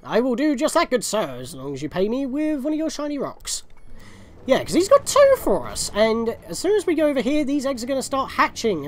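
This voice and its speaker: A chatty young man talks through a game walkthrough, his fairly high voice swinging up and down with lively energy. He rambles and restarts his sentences, recorded on a home mic while game music plays faintly behind. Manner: rambling, chatty, self-correcting. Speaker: video game walkthrough host. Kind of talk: casual gameplay commentary.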